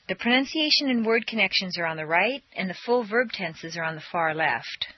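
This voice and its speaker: A woman teaching pronunciation, reading numbered drill sentences with slow, deliberate stress and a lively, swooping intonation. Her voice is slightly husky. The dry, dull lo-fi recording has no room sound around it. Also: mid-range voice, no room sound. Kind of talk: scripted language lesson recording.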